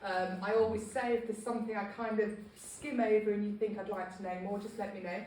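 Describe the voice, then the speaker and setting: A woman's voice: medium pitch, steady tone, fairly quick, darkish tone, recorded from a distance, slight background noise. A woman giving a casual local history talk to a small group, chatty and self-deprecating with many ums. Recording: echoey room, speaker off-mic.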